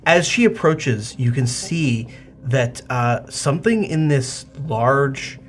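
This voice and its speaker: A man narrating as game master of a tabletop game, animated and hesitant with many fillers. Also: mid-range voice, takes it slowly, slight background noise.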